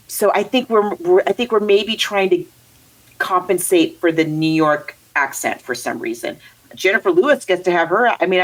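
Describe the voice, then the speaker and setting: A woman's voice: medium pitch, poor audio. A woman co-hosting a casual movie review chat, rambling and laughing as she talks. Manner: chatty, rambling, laughs often. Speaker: podcast co-host.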